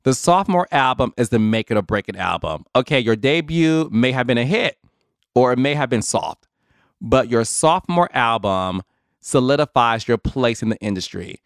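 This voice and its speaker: Male podcast host, conversational and animated, clear resonant voice, mid pitch, dry close sound. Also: moderate pace, no room sound. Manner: chatty, animated, addresses listeners as y'all. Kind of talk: casual solo commentary.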